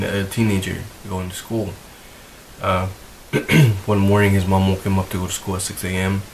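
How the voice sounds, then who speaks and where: Young male vlogger, deep and monotone, emotional and rambling, faint hiss on the track. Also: vocal fry, poor audio. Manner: emotional, rambling, repeats himself. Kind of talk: earnest talk to camera.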